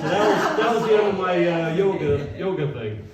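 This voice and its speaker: A brash older man telling profane stand-up stories with a fairly high voice. The voice bounces around a very echoey room and is heard from far off. A live audience sits close by. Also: brisk, over a noisy crowd. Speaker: stand-up comedian. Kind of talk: stand-up comedy. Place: former yoga studio.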